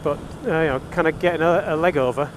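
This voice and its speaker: A man's voice: a little high, fast talker, a little hiss or hum. A man chatting casually and self-deprecatingly while riding a motorbike, laughing as he rambles. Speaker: motorcycle vlogger. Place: outdoors on a motorbike.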